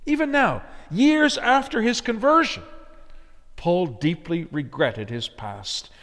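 A male preacher with a fairly high, very lively voice delivers an emphatic sermon, climbing hard onto key words and then sinking to near hushes. His voice carries a long reverb, like a large church sanctuary. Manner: emphatic, rising to stressed words then dropping low and soft.

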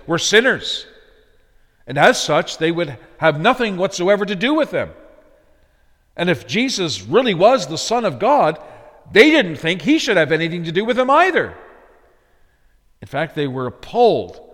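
A man preaching a sermon, pressing hard on key words and then dropping low and quiet. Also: big-room sound. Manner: emphatic, rising to stressed words then dropping low and soft.

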